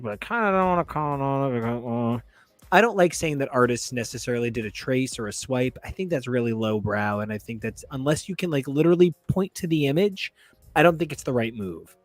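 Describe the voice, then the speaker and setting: A man's voice: medium pitch, lively intonation, a little fast, no echo, soft background music. A man co-hosting a casual comic book podcast, joking and riffing on asides. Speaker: podcast co-host. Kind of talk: casual chat.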